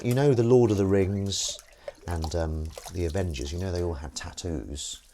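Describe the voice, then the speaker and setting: A man from Northern England hosts a casual livestream from his home kitchen while washing up, chatting and playfully reading viewer comments aloud. His voice is low-pitched, and the background is noisy.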